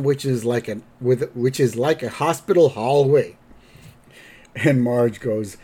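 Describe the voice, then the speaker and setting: A middle-aged man hosting a podcast, retelling a cartoon episode in a slow, rambling way with fillers and self-corrections. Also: medium pitch, mellow, breathy edge. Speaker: podcast host. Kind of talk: casual recap of a cartoon episode.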